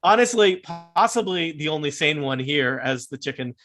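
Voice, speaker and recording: A man's voice: fairly high pitch, animated, moderate pace, a bit bright, faint music behind. Rambling man as game master. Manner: rambling, hesitant, repeats words. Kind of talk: narrating a tabletop game.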